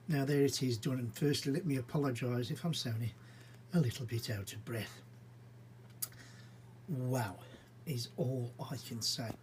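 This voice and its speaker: A man's voice: fairly high pitch, a little hiss or hum, rough recording. A man giving casual, rambling commentary as he narrates his own brick model build. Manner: chatty, rambling, unhurried, with frequent fillers.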